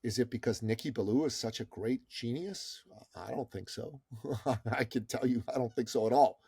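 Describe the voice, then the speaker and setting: Gravelly middle-aged man, emphatic storyteller. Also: medium pitch, moderate pace, dark tone, no echo, clean studio sound. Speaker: podcast guest. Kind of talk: storytelling in an interview.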